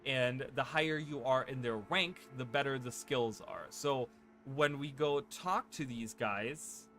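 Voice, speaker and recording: A man of middle pitch chats through a game playthrough in a loose, rambling way, peppering his talk with fillers and quick "right?" asides. He speaks into a desk microphone, and game music runs clearly underneath the whole time. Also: a bit bright. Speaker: gaming channel host. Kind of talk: casual let's-play commentary.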